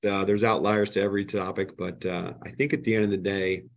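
A man, a podcast guest, telling stories in a casual and animated way. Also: low voice, a little fast, gravelly. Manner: animated, retells heated exchanges. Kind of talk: casual storytelling.

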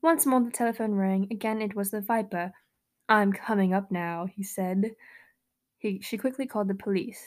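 A woman's voice: mid-range voice, moderate pace. A young woman co-hosting a podcast, chatting and giggling, then reading a rhyme and a short story aloud. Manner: giggly, animated, reads rhymes and stories aloud. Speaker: podcast co-host. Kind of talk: casual chat and reading aloud.

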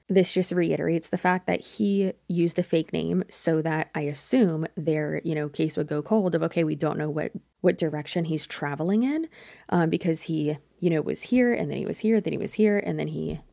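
Young woman, casual true crime host, chatty and self-correcting, low voice with vocal fry. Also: a little mellow, dry recording, clean studio sound.

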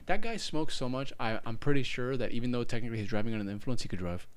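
A young man chats on his podcast as an animated storyteller, cursing casually as he goes. He talks at a rapid clip, and his pitch swings widely from line to line. His voice sits at an ordinary middle height. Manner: animated storyteller, swears freely. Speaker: podcast co-host. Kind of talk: casual chat.

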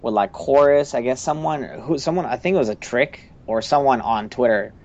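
A man's voice: medium pitch, normal speed, darkish tone, dull audio. A man co-hosting a podcast in casual chat, rambling with many fillers and restarts. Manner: rambling, lots of likes and restarts. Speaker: podcast co-host.

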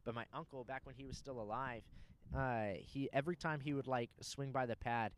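A man's voice: mid-range voice, steady tone, a little fast, a little hiss or hum. A young man in casual chat, telling a rambling, profane story and laughing often.

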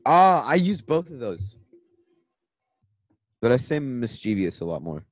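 A young man co-hosting a podcast in casual chat, jokey and animated, often trailing off into a mutter. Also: medium pitch, unhurried, no room sound, lo-fi sound. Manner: animated, jokey, drops to a mutter at line ends. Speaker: podcast co-host.

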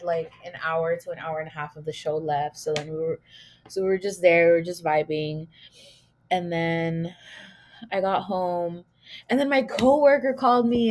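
A young woman hosting her own podcast, rambling through a casual story with lots of filler words and swearing. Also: mid-range voice. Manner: rambling, heavy use of "like", swearing, laughing at herself. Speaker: podcast host.

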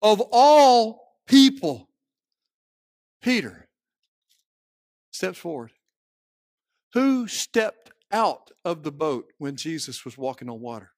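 A Southern American man delivers a sermon in a dry, close recording. His voice sits a little high and swings dramatically between hushed storytelling and shouted, fiery peaks. He acts out the people he quotes as he tells the story. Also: very animated, slow pace, long pauses, no room sound. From Southern United States. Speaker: pastor.

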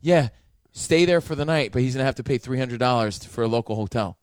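A man's voice: medium pitch, fast, dry recording, clean studio sound. A man telling a story in casual, profane banter, mimicking the people in it.

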